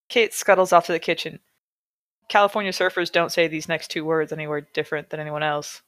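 A woman reads a story aloud for a comedy podcast and drops in wry, deadpan asides. Her voice sits on the lower side, and the recording is close and dry. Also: brisk, no echo. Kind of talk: reading aloud with sarcastic commentary.

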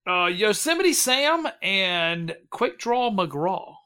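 A man hosting a loose, casual podcast chat. His voice is bright and clear, and he rambles, laughs and swears freely as he runs the vote. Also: high voice, big pitch swings, slow. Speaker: podcast host running a bracket vote.

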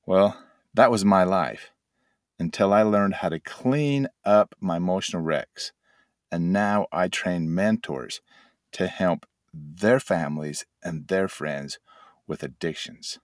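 A man's voice: low voice, slow, no echo, studio quality. An older man hosting a motivational talk, telling folksy stories and acting out little sound effects. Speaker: host and addiction mentor trainer.

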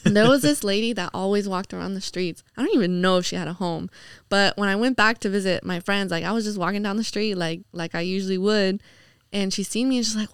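A woman, telling stories as a podcast guest in relaxed casual chat, full of "like" and the odd swear. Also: medium pitch, fast talker, clear, resonant tone, no room sound, studio quality. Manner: relaxed storytelling, heavy with "like" and swearing.

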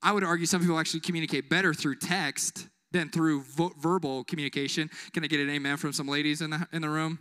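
A young man delivers an energetic youth sermon inside a church. His voice sits high and sounds bright. He keeps the crowd involved with jokes, quick put-on voices and repeated calls for an amen. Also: clear, resonant tone. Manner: call-and-response, joking, acts out quick voices. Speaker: youth pastor. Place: church building.

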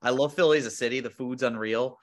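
A young man from Rhode Island, talking bluntly and casually in a relaxed chat. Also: medium pitch, quick pace.

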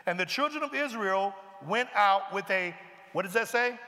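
A high, bright-voiced man preaches to a congregation, moving between reading scripture and lively, casual asides. His voice rings out with a long reverb, as in a large hall or sanctuary. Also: moderate pace. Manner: animated, conversational, breaks into asides and mimics characters. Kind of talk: sermon, reading and explaining scripture.

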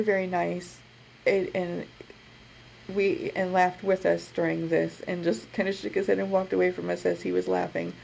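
A woman sharing a story in casual chat from her office, animated and breaking into laughter as she acts out what others said. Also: lowish voice, gravelly, slight background noise, poor audio. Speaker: podcast co-host.

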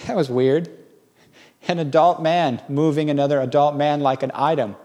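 A man preaching a sermon, telling stories in a folksy, conversational way. His voice sits a little high for a man, and he moves easily between anecdote and instruction. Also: normal speed, highs cut off. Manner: folksy storytelling, lively and conversational. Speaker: pastor.

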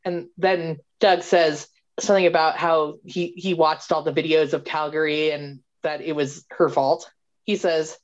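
A podcast co-host with a fairly low voice recaps a movie in loose, animated conversation, speaking a little slowly. She laughs often and acts out bits of dialogue, and the recording sounds somewhat dull and lo-fi.

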